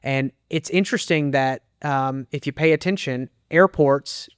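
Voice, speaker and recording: A man's voice: medium pitch, smooth, dry recording, clean studio sound. A middle-aged man, an associate pastor, earnestly telling a candid personal testimony in an interview. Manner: earnest, candid storytelling with emotional pauses. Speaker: associate pastor and men's minister.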